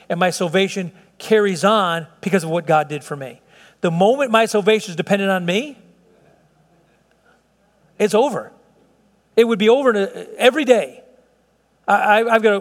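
A man's voice: sits high, in a large hall. A middle-aged man preaching a sermon in an earnest, conversational way, often restarting his sentences. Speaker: pastor.

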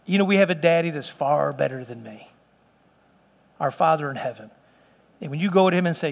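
A man with a notably high voice preaches a sermon, earnest and emphatic, with homely asides to the folks in the pews. His words ring out with a long reverberant tail, as though spoken in a large church sanctuary. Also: lively intonation, fairly quick, creaky, pauses often. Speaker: pastor. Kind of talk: sermon and closing prayer.

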